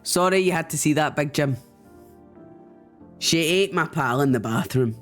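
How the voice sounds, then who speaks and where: Brief: streamer, playful and swearing, higher voice, game music behind. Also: male voice, normal speed, fairly bright tone. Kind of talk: gameplay commentary.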